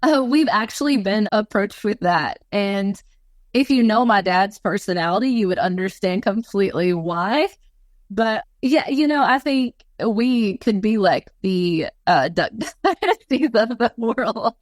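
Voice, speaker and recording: A woman guest in an interview, telling stories in a rambling, animated way with lots of filler words. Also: mid-range voice, unhurried, no room sound. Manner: animated, rambling storyteller with many fillers and laughs. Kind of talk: casual storytelling interview.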